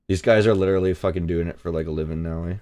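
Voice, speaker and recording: A young Canadian man hosts a casual live trading stream, speaking a little fast in a fairly low voice. He's loose and excitable with his viewers, reads their chat aloud, and swears freely whenever the market moves.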